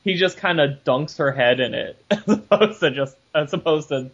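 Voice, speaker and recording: Slightly high-voiced guy, blunt, laughs a lot, muffled podcast sound. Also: lively intonation, normal speed, fairly bright tone. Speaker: podcast co-host. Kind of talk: casual chat. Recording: dull lo-fi podcast audio.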